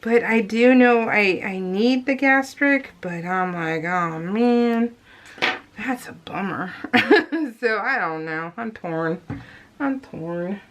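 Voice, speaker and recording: A woman's voice: medium pitch, animated, slow, slight background noise. A grown woman chatting casually to viewers while she works on a scrapbooking project, rambling along and calling them you guys. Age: adult. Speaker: scrapbooking vlogger. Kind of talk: casual chat voiced over crafting.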